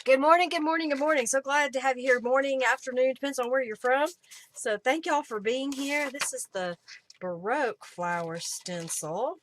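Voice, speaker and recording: A woman's voice: high voice, normal speed, slight background noise. A woman hosting a live crafting stream from her home craft room, chatting casually and thinking aloud as she rummages for supplies. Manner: chatty and rambling, thinks aloud while searching. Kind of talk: casual live demo chat.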